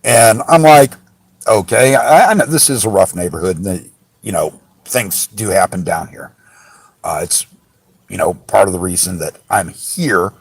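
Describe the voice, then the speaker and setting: A man's voice: low voice, expressive, measured pace, husky, dry recording, low-quality recording. A man ranting casually about a run-in with police, frustrated and indignant, rambling with many restarts and fillers. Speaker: channel host recounting a police encounter. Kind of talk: casual rant to camera. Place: parked car.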